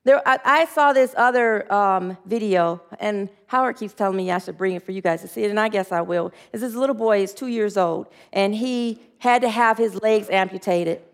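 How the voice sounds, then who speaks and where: A woman's voice: medium pitch, normal speed, few pauses. A woman teaching a spiritual sermon, earnest and encouraging, leading the group in spoken affirmations and often restarting her sentences. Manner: earnest, leads call-and-response affirmations, frequent restarts.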